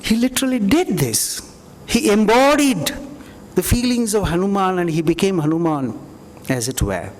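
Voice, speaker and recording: In a reverberant lecture hall, a man gives a conversational, reflective university lecture with audience questions, frequently saying "you know." He speaks at normal speed in a high, sing-song voice.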